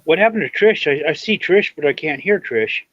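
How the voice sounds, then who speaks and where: Older man, stream call-in guest, slightly high voice, jokey, dull lo-fi line. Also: expressive, brisk, no echo. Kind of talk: casual live stream chat. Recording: dry muffled call audio.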